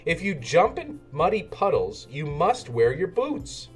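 A man's voice: a little high, very animated, a little slow, soft background music, voice pushed up. A man doing an eager little girl piglet. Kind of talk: storybook read-aloud.

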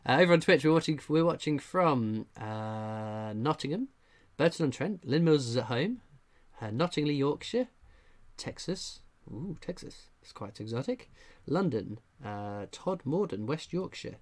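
Laid-back man reading live chat. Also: mid-range voice. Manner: dry, understated humour; frequent filler "uh" while scanning chat. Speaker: livestream host. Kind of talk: casual livestream chat reading viewer comments.

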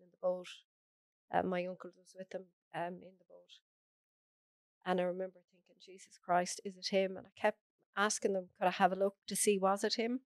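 A woman's voice: mid-range voice, no echo. An Irish woman, a podcast guest, earnestly recounting a personal story in close detail. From Ireland.

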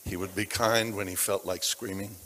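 Preacher with a bright voice in a reverberant hall. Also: male voice, fairly low pitch, steady tone, moderate pace. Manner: dramatic shifts between hushed and loud. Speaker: pastor. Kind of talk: sermon storytelling. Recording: long reverb of a large hall.

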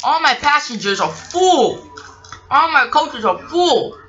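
A bossy, busy male passenger engine who calls out in high, hurried shouts, as a woman puts him on. The voice is bright and lively. The sound is dull and lo-fi. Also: exaggerated voice. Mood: urgent.

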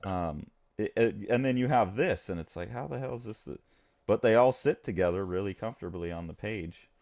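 A man's voice: low-pitched, a little mellow. A man co-hosting a comics podcast in casual chat, enthusiastic and acting out characters' lines. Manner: enthusiastic, acts out characters' lines in quick bursts.

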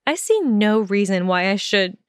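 A woman voicing a sharp-tongued, indignant teenage witch, clipped and defiant, in a fan audiobook. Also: medium pitch, animated, normal speed, clear, resonant tone, dry recording, clean studio sound, lightly acted.

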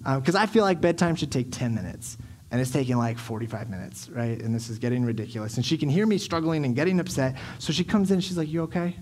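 A man's voice: medium pitch, sing-song, fast talker, darkish tone. A man in his thirties preaching a sermon, telling stories animatedly and acting out his children and himself. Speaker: pastor. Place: church sanctuary.

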